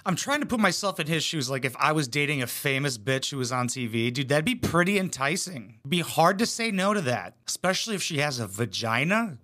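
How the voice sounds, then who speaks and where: A young man with a high, bright voice runs a comedic reaction commentary. He is crude and sarcastic and swears freely. His tone stays sharp and lifted. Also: big pitch swings, a little fast, hardly any pauses.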